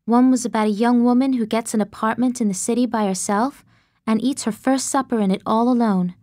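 A woman narrates a first-person story with earnest, expressive storytelling. Her voice sits fairly high. It is recorded on a close studio mic with a dry sound. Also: a little fast, no echo. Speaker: audiobook narrator.

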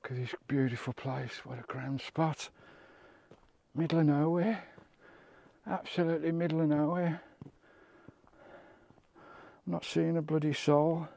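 A man's voice: on the high side, steady tone, measured pace, gravelly, long pauses, mellow, no echo. A British man on a coastal walk, talking to the camera in a chatty vlog, often exclaiming at the views and a bit out of breath. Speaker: vlogger. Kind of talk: walking travel vlog commentary. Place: outdoors on a coast.

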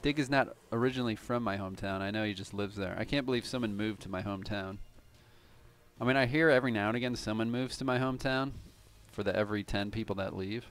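A man's voice: on the low side, quick pace. A man from Cleveland giving casual, analytical live commentary on a tournament game, swearing now and then. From Cleveland, USA.

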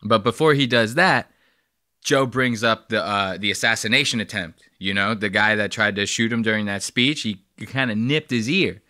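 A podcast host with a lowish, bright and forceful voice reacts to a video at a moderate pace, riffing loosely and swearing freely. The casual commentary is recorded in studio quality with no echo.

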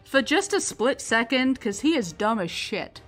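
A woman narrating as game master in a tabletop game, playful and quick to laugh. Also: fairly high pitch, sing-song, fairly bright tone, faint music behind.

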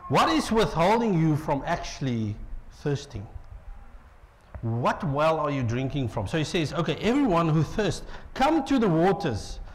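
A middle-aged man with a South African accent preaching a lively sermon in a church, joking with the congregation. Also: a little high, a little slow. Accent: South African English. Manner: playful, jokes with the congregation. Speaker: pastor.

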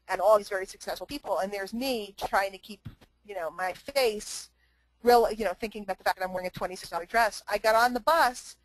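A woman's voice: medium pitch, no echo, poor audio. A woman giving a motivational talk to a live online group, emphatic and repetitive, with chatty asides to her listeners. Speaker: motivational speaker and trainer.

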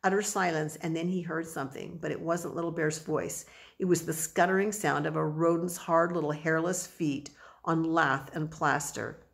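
Lady reading a kids' story aloud, measured and expressive, voice on the low side. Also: creaky. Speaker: audiobook narrator. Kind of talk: children's audiobook narration.

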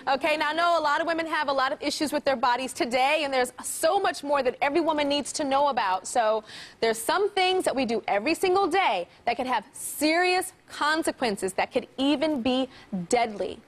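Animated high-voiced woman hosting a talk show. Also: fairly quick. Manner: playful, animated, laughs often. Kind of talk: talk show hosting before a studio audience. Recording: studio with audience and background noise.

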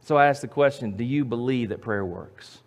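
A man preaching a sermon as pastor, emphatic, repeating his phrases and swinging from loud to quiet. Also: mid-range voice, normal speed.

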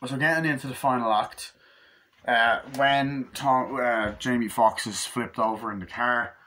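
A man's voice: medium pitch, fairly even intonation, measured pace, bright, forceful tone, a little hiss or hum. A man casually reviewing a film, rambling and swearing freely. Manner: rambling, profane, acts out scenes in quoted voices. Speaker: movie reviewer.

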